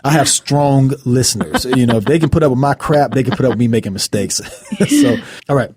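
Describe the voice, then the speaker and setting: A man hosting a podcast in casual chat, an animated storyteller who acts out the scenes he retells. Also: medium pitch, fairly quick. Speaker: podcast host.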